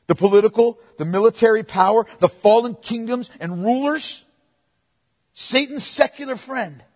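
A man preaching a sermon, moving between forceful proclamation and hushed, playful asides to the congregation. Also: very high-pitched, moderate pace, in a large hall. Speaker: pastor.

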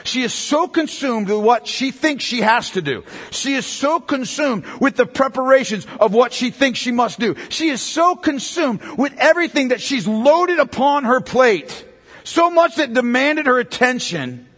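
A man's voice: extremely high pitch, expressive, a little slow, a bit bright, in a large hall. A pastor preaching a sermon, driving his points home through repetition and rhetorical questions.

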